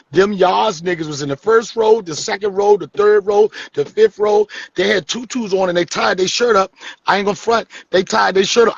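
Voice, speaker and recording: A man's voice: high-pitched, no room sound, dull audio. A man hosting a live stream, joking and teasing his guests in casual, profane comedic chat.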